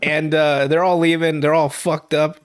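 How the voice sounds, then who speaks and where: A man's voice: fairly high pitch, little pitch movement, normal speed, clear, resonant tone. A young man hosting a podcast, rambling through a profane, laugh-filled recap of a TV episode. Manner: rambling, profane, laughs loudly at his own story. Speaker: podcast host.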